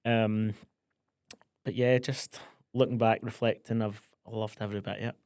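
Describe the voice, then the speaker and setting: A man's voice: fairly low pitch, flat delivery, normal speed, darkish tone, no echo, clean studio sound. A young Scottish man co-hosting a podcast in casual, jokey chat, acting out the exchanges he retells. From Scotland. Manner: chatty, jokey, acts out quoted exchanges. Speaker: podcast co-host.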